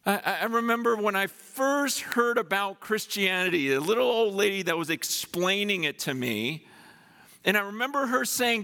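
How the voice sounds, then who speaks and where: A man preaching a sermon, excited and effusive, repeating himself as he speaks. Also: very high-pitched, moderate pace, vocal fry. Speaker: pastor.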